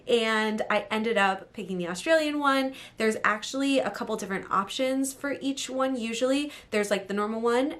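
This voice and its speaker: A woman novelist talking through phone app steps in a casual, upbeat how-to vlog, chatty and full of "like" and "um". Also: fairly high pitch.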